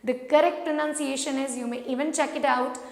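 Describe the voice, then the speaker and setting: A woman's voice: high-pitched, fairly even intonation, a little fast, darkish tone. A woman teaching pronunciation, patiently repeating each word for learners to echo. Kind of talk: slow, drilled pronunciation lesson. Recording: echoey room with long reverb.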